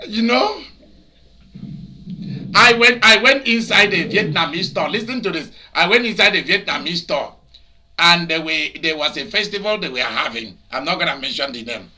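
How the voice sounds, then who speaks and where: A Nigerian pastor preaches to a broadcast audience at a normal speed, his high voice carrying a bright, forceful edge. He tells his stories animatedly, rising into shouts and laughter to drive each point home.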